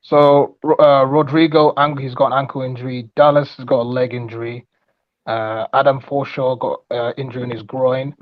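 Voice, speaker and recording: A man co-hosts a casual live stream, halting and unsure with names. His mic sounds dull and lo-fi, and the sound is dry. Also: medium pitch, little pitch movement, no echo. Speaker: co-host.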